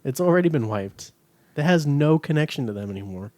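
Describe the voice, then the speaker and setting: A man's voice: a little high, animated, fairly quick, warm tone, no room sound. A young man co-hosting a casual chat over beers, telling long rambling stories full of swearing and acted-out quotes. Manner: rambling storyteller, swears freely, acts out quoted lines. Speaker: podcast co-host.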